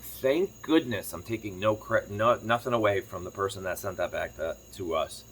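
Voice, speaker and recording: A man chatting casually to camera as a farm vlogger, telling a rambling story quickly while sitting on his kitchen floor. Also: fairly low pitch, a bit bright, slight background noise. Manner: rambling, fast-talking storyteller.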